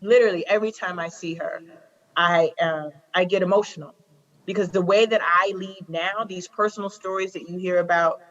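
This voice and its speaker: A Chicago prosecutor in her forties speaks as a guest in a fairly low, steady, slightly bright voice at a normal pace. Her impassioned, conversational storytelling hits points with emphasis and repeats key phrases, captured on a slightly dull lo-fi recording.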